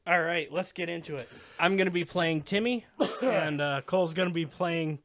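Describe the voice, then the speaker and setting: A man's voice: a little high, normal speed, fairly bright tone, no echo. A man co-hosting a podcast, telling rambling stories in casual chat with frequent swearing. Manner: rambling, profane storytelling. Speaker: podcast co-host.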